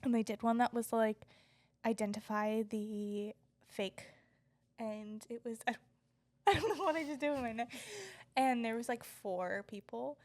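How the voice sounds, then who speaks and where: A woman's voice: fairly high pitch, a little slow, a little mellow. A woman co-hosting a casual book podcast, rambling through funny stories with lots of giggling. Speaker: podcast co-host. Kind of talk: casual chat.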